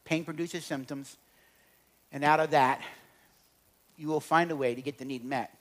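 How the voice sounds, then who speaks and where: Middle-aged guy giving a talk, tells funny stories, goes loud then soft, voice sits a bit high. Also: normal speed. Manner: animated, swings from loud to quiet. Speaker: speaker on relationships. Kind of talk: humorous storytelling talk to an audience.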